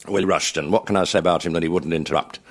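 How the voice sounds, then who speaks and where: Older male raconteur, very low voice, genial anecdotes, chuckles at his own punchlines. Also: steady tone, quick pace, background noise. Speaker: after-dinner raconteur. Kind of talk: anecdotal storytelling to a live audience.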